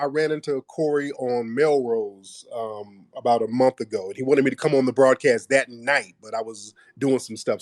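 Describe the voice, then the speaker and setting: A man's voice: mid-range voice, darkish tone, dry recording, clean studio sound. A man hosting a live call-in audio show, blunt and joking. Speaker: host.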